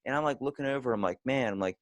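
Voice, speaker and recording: A man hosting a podcast, telling stories in a lively, casual way and swearing freely. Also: mid-range voice, racing, no echo. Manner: animated storyteller, swears freely. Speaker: podcast host. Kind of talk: casual chat.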